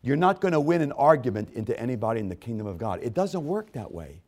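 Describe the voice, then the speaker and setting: A man preaching a sermon, swinging from hushed, intimate storytelling to loud, rising exhortation. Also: very animated, fast talker. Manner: dramatic swings from hushed to booming. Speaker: pastor.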